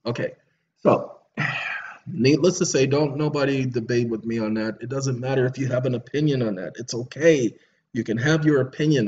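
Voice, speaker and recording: A man's voice: mid-range voice, dull audio, a little hiss or hum. A man giving a preachy, lecturing monologue to his viewers, repeating himself and apologizing sarcastically. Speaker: online commentator.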